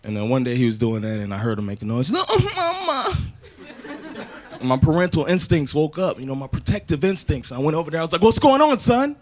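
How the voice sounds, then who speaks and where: An American man performing a loose, conversational stand-up comedy set in a club, switching to loud shouted voices for his acted bits. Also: mid-range voice, rapid-fire, few pauses. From United States. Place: comedy club stage with a laughing audience. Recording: live club recording with audience noise.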